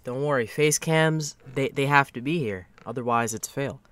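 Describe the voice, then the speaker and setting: A man's voice: mid-range voice, normal speed, fairly bright tone, no room sound. A young man streaming a game, chatting casually, swearing and joking about himself as a beginner. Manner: casual, swearing, self-mocking. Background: music.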